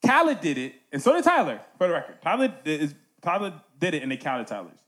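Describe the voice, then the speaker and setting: A man's voice: a little high, huge pitch swings, fast talker, fairly bright tone. A man hosting a casual music podcast, talking animatedly and checking in with "right?" asides.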